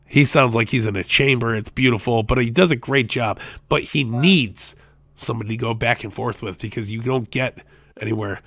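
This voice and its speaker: Hoarse gravelly man, joking banter. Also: medium pitch, steady tone, normal speed, fairly bright tone, dry recording. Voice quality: gravelly, croaky. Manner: profane, joking banter, laughs often. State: hoarse, voice worn out. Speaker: podcast co-host. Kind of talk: casual chat.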